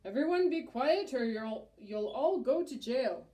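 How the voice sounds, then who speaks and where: A woman's voice: medium pitch, normal speed, mellow, close to an everyday voice. A woman reading aloud, voicing a fussy, blustering male town mayor who bellows and speaks pompously. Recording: roomy echo.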